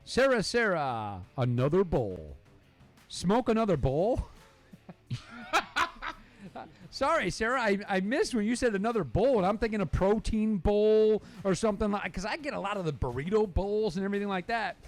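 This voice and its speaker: A man's voice: sits high, lively intonation, normal speed, faint music behind. A man hosting a live sports talk show, playful and rambling as he jokes and reads out viewer comments.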